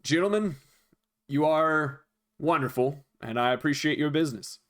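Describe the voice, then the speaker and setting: A man's voice: on the high side, moderate pace, close to an everyday voice. A man voicing a polite, slightly put-upon innkeeper in a tabletop game. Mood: courteous. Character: polite, weary male innkeeper.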